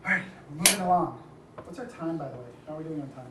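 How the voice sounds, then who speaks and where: At a design community event, a man with a higher voice gives a fast, casual presentation to a live audience, full of asides and light laughter. The echoey room and distant mic leave the recording very noisy, with faint ambience.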